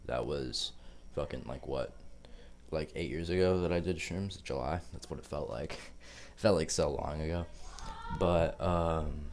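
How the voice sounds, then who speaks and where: Young man, very deep low voice, casual vlog storytelling, rambling, lots of swearing and fillers. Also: darkish tone, a little hiss or hum. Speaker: vlogger.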